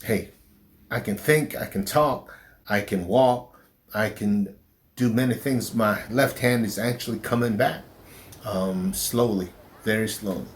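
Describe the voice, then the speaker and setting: A middle-aged man, a pastor, speaking slowly and haltingly in an interview, with a slight southern drawl since his stroke. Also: fairly low pitch. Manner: slow, halting speech with restarts after a stroke. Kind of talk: personal interview.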